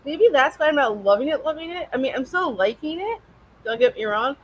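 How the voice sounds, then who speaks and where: A woman's voice: high-pitched, lively intonation, a little fast, low-quality recording. A woman hosting a casual book chat, giggly and agreeable. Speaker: podcast host. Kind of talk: casual chat about books.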